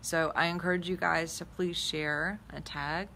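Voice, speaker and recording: A woman's voice: on the low side, fairly even intonation, a little slow, creaky, sharp tone, a little hiss or hum. A woman giving a spiritual talk and leading a guided visualization, earnest and repetitive, lingering on key words. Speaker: spiritual teacher.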